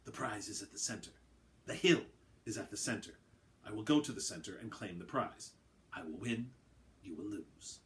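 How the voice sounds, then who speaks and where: A man voicing a sleek predatory alien who speaks in a hiss-like whisper with flat, simple sentences. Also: fairly low pitch, normal speed, long pauses. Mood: cold.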